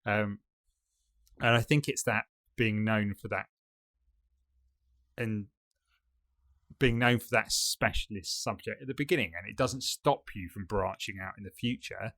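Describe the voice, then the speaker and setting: Man rambling on a podcast, low-pitched and dry. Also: a little slow, pauses often, a bit bright, dry recording. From United Kingdom. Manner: rambling, hesitant, filler-heavy. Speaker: podcast co-host. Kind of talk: casual chat.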